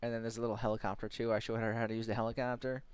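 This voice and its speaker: A man streamer telling a story in casual chat, jumping into high, excited voices when he quotes people. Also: very fast, clear, resonant tone.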